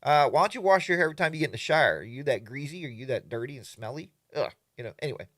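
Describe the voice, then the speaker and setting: Animated older man, lively casual chat. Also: medium pitch, racing, dry recording, clean studio sound. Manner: animated, mimics other riders in exaggerated voices. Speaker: livestream host. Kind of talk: casual live chat reading viewer comments.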